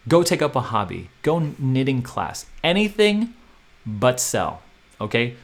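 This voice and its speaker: A man hosting a crypto channel talks in a loose, animated way, circling back on his points. His voice sits at an ordinary middle pitch. He keeps checking in with the listener by asking "okay?". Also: measured pace. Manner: animated, repetitive, chatty with frequent "okay?". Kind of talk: casual advice monologue.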